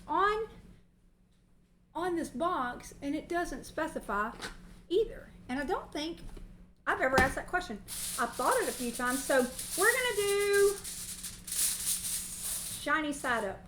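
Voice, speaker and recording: High-voiced, chatty Southern woman cooking. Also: expressive, measured pace, pauses often, a bit bright, roomy sound, slight background noise, low-quality recording. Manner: chatty and long-winded. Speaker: cooking livestream host. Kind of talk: casual cooking demonstration. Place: home kitchen. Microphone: movable mic near the stove.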